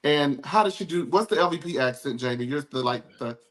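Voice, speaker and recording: With a crowd audible in the background, a podcast host recaps reality TV on a live review show in a slightly high, animated, brisk voice. He is casual, campy, and sassy, calling people "girl" and "baby."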